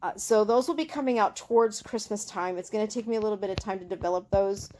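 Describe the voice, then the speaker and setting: A woman's voice: mid-range voice, fast, darkish tone, slight background noise. Older woman, casual home vlog, rambling chatty talk, handheld phone recording, living room. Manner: chatty, rambling, with many fillers and restarts. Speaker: home crafter and small-business owner. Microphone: handheld phone camera.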